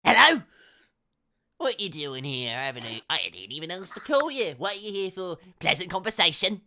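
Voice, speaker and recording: A man's voice: sits high, big pitch swings, moderate pace, pushed and bright, voice pushed up, heavily acted. A man voicing a short, grumpy old male farmer who is proud of his past strength. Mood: gruff.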